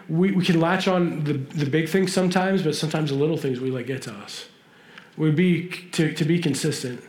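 A man preaching a sermon in a church, earnest and pausing, his voice moving between urgent and hushed. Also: medium pitch, roomy sound. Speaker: pastor.

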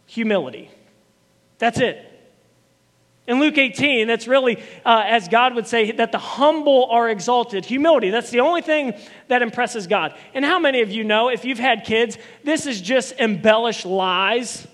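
A man preaching a sermon as a pastor, animated, with emphatic repetition and voiced quotes. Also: extremely high pitch, moderate pace, big-room sound.

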